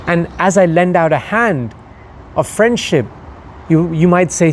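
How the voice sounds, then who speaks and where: A man's voice: fairly high pitch, measured pace, a little hiss or hum. A man giving a motivational talk, conversational and full of rhetorical questions to the listener. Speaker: motivational speaker.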